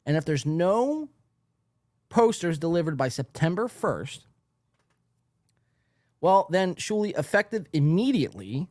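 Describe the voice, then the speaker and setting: A man's voice: sits high, animated, slow, pauses often, darkish tone, no room sound. A man hosting a podcast, ranting in a profane, mock-outraged monologue into a studio mic. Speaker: podcast host.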